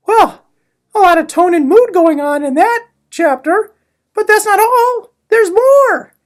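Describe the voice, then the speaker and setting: A woman's voice: extremely high pitch, animated, measured pace. A woman giving a casual, sarcastic summary lesson on a novel chapter, with playful asides. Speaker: literature explainer.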